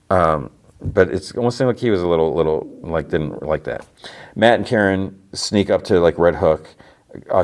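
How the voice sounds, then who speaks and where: Deep-voiced man in rambling recap. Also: darkish tone. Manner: rambling, filler-heavy retelling with lots of "like". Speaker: podcast host. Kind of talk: casual TV episode recap.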